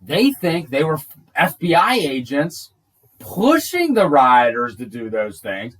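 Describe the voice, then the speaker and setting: A man's voice: on the high side, wildly swooping pitch, slow, fairly bright tone, far from the mic. A man co-hosting a casual podcast chat, emphatic and agreeable, piling up examples to make his point. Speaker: podcast co-host.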